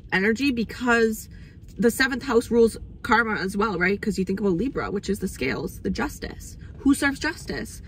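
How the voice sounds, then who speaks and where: There's a faint hiss or hum behind this young woman's medium-pitched voice. She hosts an astrology channel and wanders through a casual spiritual monologue, dropping swear words freely and sometimes turning emotional.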